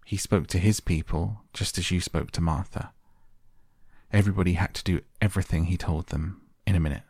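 A blunt, curious little girl from a storybook, telling things plainly and matter-of-factly, as a man reads her. The voice stays low with a gravelly grain, close and dry. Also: fairly even intonation, fairly quick, a little mellow, no echo, heavily acted. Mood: earnest.

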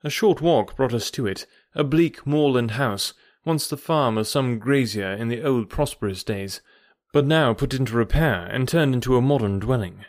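A man narrating a classic novel as an audiobook, with measured, descriptive storytelling. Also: medium pitch, dry recording, clean studio sound.

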